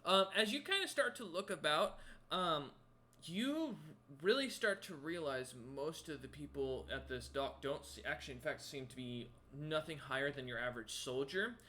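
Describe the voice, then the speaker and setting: Bright-voiced man game master. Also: on the high side, animated, normal speed. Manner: rambling, lots of ums and kinda. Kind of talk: narrating a tabletop game.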